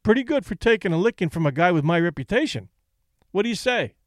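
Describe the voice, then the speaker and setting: A man's voice: sits high, expressive, quick pace, no echo, studio quality. A man reading an audiobook, voicing a cocky, shrewd young male boxer with a breezy, boastful manner. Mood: persuasive.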